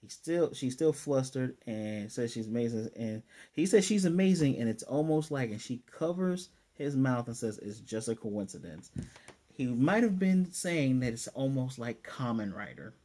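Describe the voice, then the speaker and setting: A man's voice: medium pitch, lively intonation, normal speed, dark tone. A man casually recapping anime episodes, rambling loosely and checking his notes aloud. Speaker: anime reviewer.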